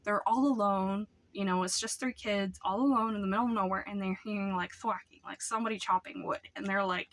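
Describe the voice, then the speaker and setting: A woman's voice: mid-range voice, a little fast. A young woman casually reviewing books in a rambling way, full of "like" and "um.". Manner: rambling, lots of "like" and "um" fillers. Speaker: book vlogger.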